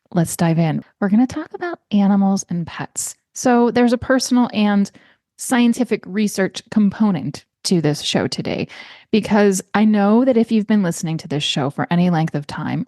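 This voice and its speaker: Chatty woman podcast host, dry sound. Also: dry recording. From United States. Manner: warm chatty, lapses into high baby-talk to her cat. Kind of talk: casual solo podcast chat. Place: small room at home.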